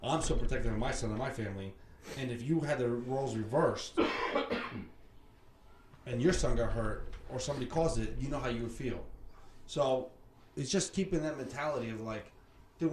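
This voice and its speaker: Animated man telling a story in a roomy room. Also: mid-range voice, normal speed. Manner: animated storyteller, swears freely, acts out quoted voices. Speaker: podcast host. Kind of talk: casual chat. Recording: roomy sound with faint background noise.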